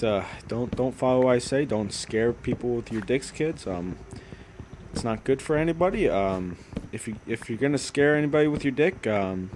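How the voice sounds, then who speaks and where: A man giving crude gameplay commentary who swears constantly and lurches from hushed murmurs to yelling. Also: medium pitch, slight background noise. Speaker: gaming channel host.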